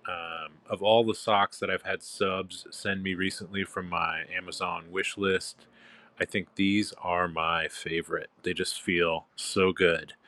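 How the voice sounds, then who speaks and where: Outdoors in a park, a man with a deep voice and flat delivery talks a little slowly in a bright, forceful tone. An online dominant addressing his followers, he starts laid-back and drawling with fillers in this casual monologue, then turns commanding and domineering.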